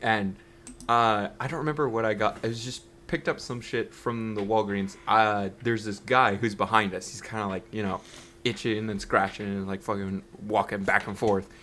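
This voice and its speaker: A man's voice: on the low side, steady tone, moderate pace, pushed and bright, a little hiss or hum. A man on a podcast telling a story in a rambling, profane way, acting out the people in it. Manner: rambling, profane, acts out quotes. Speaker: podcast co-host. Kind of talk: casual storytelling.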